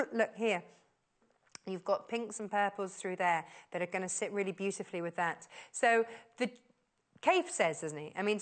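Live on air from a TV studio, a female shopping-channel host makes an enthusiastic sales pitch, gushing and returning over and over to words of praise.

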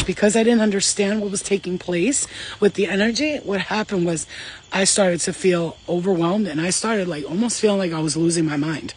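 A woman's voice: mid-range voice, slight background noise. Rambling profane woman medium. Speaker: spiritual medium. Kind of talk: casual spiritual channeling vlog.

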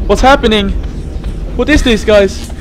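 A woman commentating a horror game playthrough, jumpy and frightened, swearing, laughing nervously and shouting in fright. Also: a little high, measured pace, background noise. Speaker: gaming channel host. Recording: game music behind the voice.

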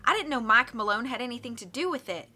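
A woman's voice: fairly high pitch, lively intonation, fast talker, sharp tone, full character voice. A woman reading the lines of a young woman who is dismayed, in her own voice.

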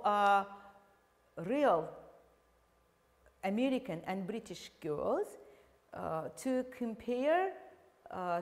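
Slow-spoken woman teacher with Azerbaijani accent. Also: medium pitch, a little mellow, big-room sound. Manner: slow, deliberate explaining with fillers. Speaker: English teacher. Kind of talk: televised classroom lesson.

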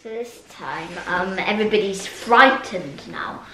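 A female violinist thinking aloud as she practices, hesitant and musing, with many pauses and ums. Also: mid-range voice, expressive, pushed and bright, soft background music. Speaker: violinist and vlogger. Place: practice room. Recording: echoey room with background noise.

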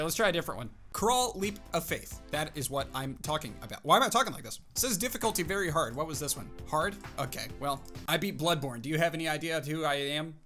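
A young man giving jokey gameplay commentary as a YouTuber, talking to himself and his car with sudden excited outbursts. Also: a little high. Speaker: gaming YouTuber.

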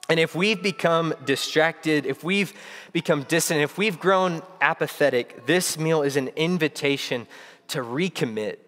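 Earnest and reflective, a young man preaches to his church, frequently restarting his phrases. His voice is medium-pitched with a fairly bright tone, and the church hall adds a long reverb.

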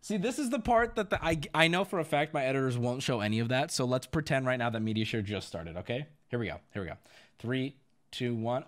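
A man's voice: mid-range voice, animated, brisk. A young man streaming live, flustered and swearing while he fixes his audio, breaking into laughter.

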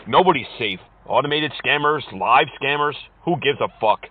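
A man making prank phone calls to scammers, mocking and insulting them, switching from fake politeness to yelling. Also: mid-range voice, lively intonation, moderate pace, noisy background. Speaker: scam-baiting prank caller. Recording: tinny phone-call audio.

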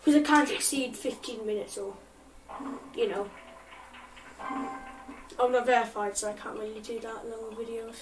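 High-pitched girl giggling and cussing through a bowling game, mic kinda far off, faint game music behind. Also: steady tone, moderate pace, long pauses. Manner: giggly, chaotic, swears a lot. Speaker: gaming channel host. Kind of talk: let's play commentary.

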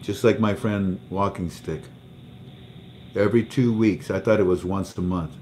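A man with a low voice tells a personal story on his livestream, often going back over the same words. There is faint noise in the background. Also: a little slow, warm tone. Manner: emotional storytelling, repeats words. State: under treatment for cancer. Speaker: livestream host. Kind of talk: casual livestream talk.

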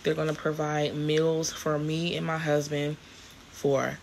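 A woman's voice: low-pitched, little pitch movement, unhurried, vocal fry, a little mellow, slight background noise. A woman, chatting casually to camera in a vlog, grateful and rambling with many restarts. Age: 40s. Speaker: vlogger.

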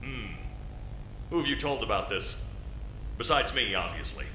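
A man's voice: medium pitch, lively intonation, normal speed, bright, forceful tone, slight background noise. A man playing a doubtful male boss who questions a worker in clipped questions. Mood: skeptical. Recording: echoey tape recording.

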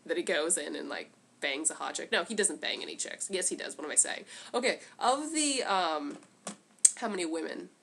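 A woman's voice: lowish voice, animated, normal speed, creaky, fairly bright tone. A young woman vlogger ranting about a movie in casual, rambling, sarcastic chat into a camera mic.

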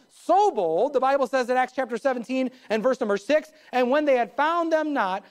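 Emphatic male pastor preaching. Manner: emphatic preaching, swinging pitch and pace, chuckles at own jokes. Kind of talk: sermon. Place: church sanctuary.

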